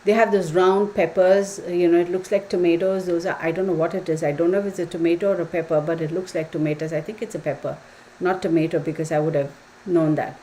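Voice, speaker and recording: A woman's voice: on the low side, fairly even intonation, quick pace, mellow, slight background noise, poor audio. A woman, rambling along in casual chat with the viewers of her live stream and saying y'all. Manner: chatty, rambling, says y'all.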